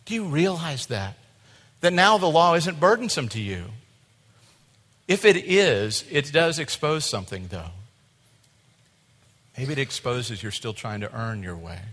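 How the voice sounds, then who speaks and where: A male pastor preaching a sermon, animated, acting out voices and dropping to a quiet tone at times. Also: medium pitch, unhurried, pauses often. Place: church sanctuary. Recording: long hall reverb.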